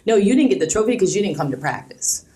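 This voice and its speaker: A woman's voice: medium pitch, big pitch swings, fast talker, dark tone. A middle-aged woman, a guest on an interview show, talking frankly and animatedly about her work and acting out quotes as she tells stories. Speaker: guest, alumni relations director. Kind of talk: casual conversational interview.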